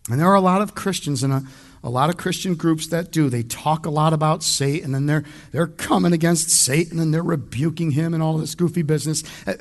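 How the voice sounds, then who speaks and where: Emphatic, slightly high-voiced male pastor. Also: fairly quick. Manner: emphatic, conversational, addresses the congregation directly. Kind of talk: expository sermon.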